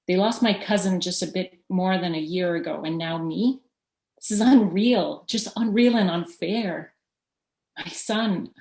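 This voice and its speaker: A woman's voice: lowish voice, gravelly. A woman reading aloud from her own memoir in an earnest, reflective way. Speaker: guest speaker. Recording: roomy echo.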